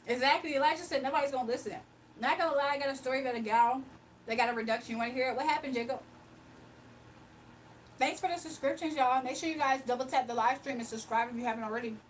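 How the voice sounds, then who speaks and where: A woman's voice: high voice, fast. A woman hosting a casual livestream, talking with her chat in a loose, joking manner and laughing often. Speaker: livestream host. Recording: voice from a distance with faint background noise.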